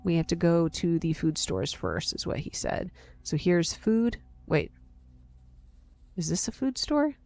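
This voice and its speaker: A woman's voice: on the low side, sing-song, measured pace, vocal fry, darkish tone. A woman casually commenting as she plays a story game, reading its text aloud, talking to herself and her viewers, and reacting with surprise. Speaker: gaming video host.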